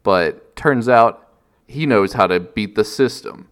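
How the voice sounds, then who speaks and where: A wry man hosting a podcast, talking in a lowish voice. He jokes a lot and laughs often in casual chat. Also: slow pace. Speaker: podcast host.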